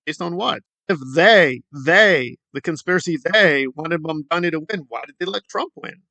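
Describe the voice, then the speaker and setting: A man's voice: fairly high pitch, animated, moderate pace, bright, forceful tone, no room sound. A man hosting a commentary video, ranting in a sarcastic, exasperated way. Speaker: commentary channel host.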